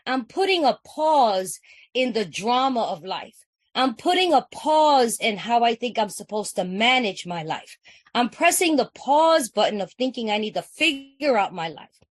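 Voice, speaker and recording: A woman's voice: on the high side, dry recording. Earnest woman sharing at a recovery meeting. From California. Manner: earnest, repetitive, conversational, with frequent "you know what I'm saying". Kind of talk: personal share at a recovery meeting.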